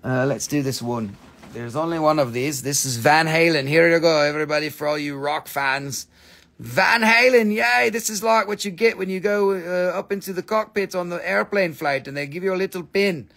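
A man's voice: on the high side, moderate pace, creaky, fairly bright tone. Playful man hosting a live sale. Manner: playful and joking, swears freely, voices silly asides. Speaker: host selling stones on a live stream. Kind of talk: casual live sales chat.

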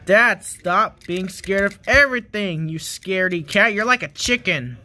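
Exasperated skit performer, bright voice. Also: mid-range voice, lively intonation, a little slow, hardly any pauses. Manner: exasperated scolding. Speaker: skit performer playing the son. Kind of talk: comedy skit acting.

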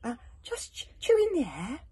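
A woman's voice: huge pitch swings, normal speed, warm tone, a little hiss or hum. A woman voicing a small, cute, mischievous male dragon who stammers his excuses innocently. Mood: guilty. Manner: stammering, innocent, high and squeaky.

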